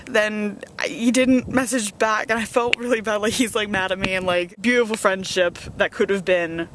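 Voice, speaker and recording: A young woman vlogging in casual chat, excitable and rambling with many fillers, outdoors on a windy hilltop. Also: mid-range voice, normal speed. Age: young adult.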